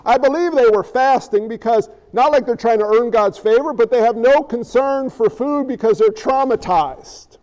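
High-voiced joking pastor. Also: male voice, moderate pace, hardly any pauses, darkish tone, dull audio. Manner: conversational, joking, asks the congregation questions. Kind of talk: sermon.

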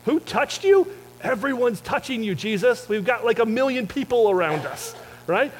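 A man's voice: very high voice, lively intonation, moderate pace, in a large hall, voice pushed up, low-quality recording. A man voicing an incredulous, exasperated disciple who talks sarcastically with a raised voice.

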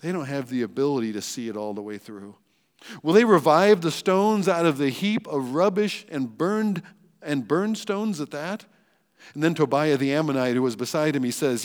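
A man's voice: mid-range voice, lively intonation, normal speed, smooth. A man pastor giving a sermon, earnest and emphatic, full of rhetorical questions and repeated phrases. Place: church sanctuary. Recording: long church reverb.

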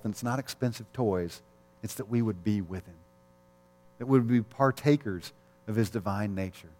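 Speaking in a mid-range, slightly mellow voice, a middle-aged man delivers a sermon as a pastor. He is candid and conversational, tells personal stories, and frequently chuckles, all captured with the long reverb of a large hall.

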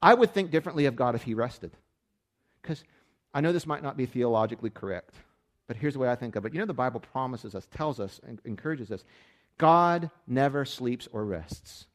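A middle-aged man preaching a sermon, fast-talking and emphatic, swinging from loud bursts to hushed stretches. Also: medium pitch, lively intonation. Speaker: pastor.

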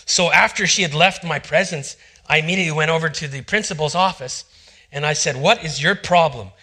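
A middle-aged man preaching to his congregation and spinning a personal tale, acting out the lines he quotes in hushed voices. His tone is bright and forward, sitting a little high for a man. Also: fairly quick. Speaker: pastor. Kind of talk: sermon with personal storytelling.

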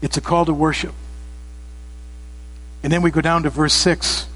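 A pastor preaching a sermon to his church, emphatic and often rising to loud exclamations. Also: a little high, level tone, normal speed. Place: church sanctuary. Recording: long reverb of a church hall.

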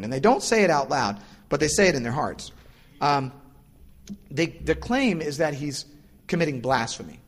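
A man's voice: moderate pace, long pauses. A male pastor giving a casual, explanatory sermon. He acts out the voices of the people in his stories. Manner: casual and explanatory, acts out quoted voices with lively pitch jumps. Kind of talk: conversational sermon. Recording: long reverb of a large hall.

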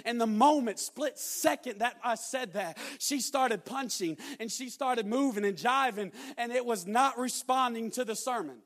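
A young man preaching a sermon, telling a story and building to loud, emphatic exhortation. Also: very high-pitched, normal speed.

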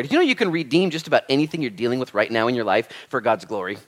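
This pastor speaks very fast in a medium-pitched voice with few pauses, giving an energetic, conversational sermon to his congregation with animated quoted asides.

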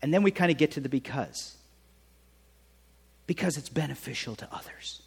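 A man preaching a sermon in a conversational way, often checking in with his listeners with a quick "right?". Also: a little high, animated, gravelly, husky, big-room sound. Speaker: pastor.

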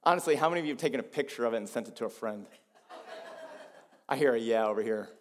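A man preaching a sermon as pastor, swinging between quiet, low passages and loud, emphatic ones. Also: fast talker, big-room sound.

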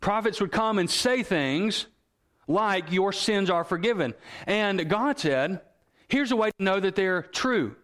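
A male pastor delivers a sermon in a slightly higher-than-usual voice. He speaks earnestly and reads scripture and story passages aloud. For emphasis he slows down and lets his voice sink low. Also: expressive, fairly bright tone.

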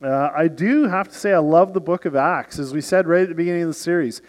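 Forty-something pastor preaching a sermon. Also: male voice, on the high side, quick pace. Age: 40s. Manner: storytelling, acts out characters in the anecdote.

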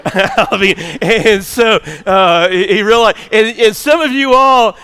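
A man's voice: sits high, slow pace, bright, forceful tone, clean tone, in a large hall. A male pastor preaching a sermon in a rambling, joking way, speaking straight to his congregation. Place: large church hall.

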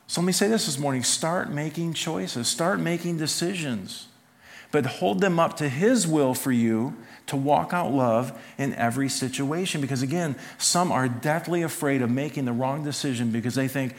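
A man preaching a sermon as pastor in a church, conversational and emphatic, asking the congregation rhetorical questions. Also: medium pitch.

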